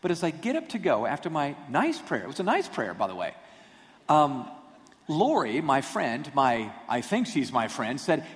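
A man preaching a storytelling sermon, animated and self-deprecating in his humor. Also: fairly high pitch, normal speed. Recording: long hall reverb.

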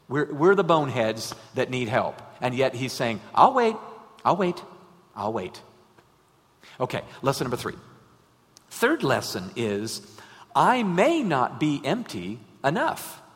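A man preaching a sermon in a conversational style, drawing in his listeners with rhetorical questions and shifting between animated emphasis and quiet storytelling. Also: on the high side. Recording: long reverb of a large hall.

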